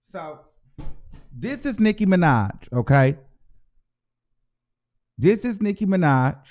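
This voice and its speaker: This man hosts his own show, his voice sitting high and moving slowly. He gives an animated, profane, casual commentary, acting out the voices of the people he talks about.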